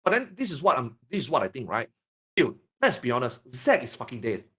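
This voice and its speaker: A man from Singapore in casual podcast chat, telling stories in an animated, profane, emphatic way. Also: mid-range voice, a little fast, breathy edge.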